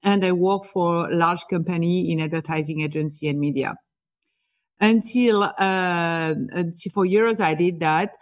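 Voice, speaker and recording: A woman's voice: fairly low pitch, a little slow. A woman from France with a French accent, answering interview questions eagerly and often repeating small words over a remote call. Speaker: guest, executive leadership coach.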